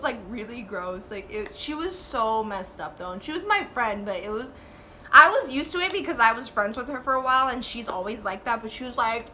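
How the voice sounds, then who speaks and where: A woman in her twenties telling a storytime vlog in a casual, animated way, swearing and saying "like" a lot. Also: on the high side, brisk, a little hiss or hum. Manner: animated, swearing, full of "like" fillers.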